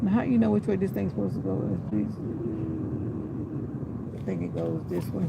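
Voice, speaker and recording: A woman's voice: on the low side, very animated, normal speed, gravelly. A woman chatting on a livestream while driving, singing little bits of songs to herself. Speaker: livestream host. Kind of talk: casual chat while driving. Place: in a car. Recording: noisy car livestream.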